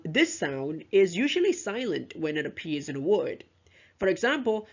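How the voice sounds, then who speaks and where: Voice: mid-range voice, vocal fry, muffled recording. A teacher giving a recorded lesson, explaining carefully and modelling example words aloud. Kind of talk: recorded lecture explaining pronunciation.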